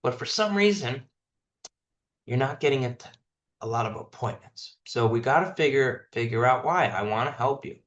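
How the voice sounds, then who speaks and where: A man's voice: mid-range voice, animated, normal speed, fairly bright tone, roomy sound, highs cut off. A man leading a sales team meeting on a call, coaching his callers directly and repeating key points for emphasis.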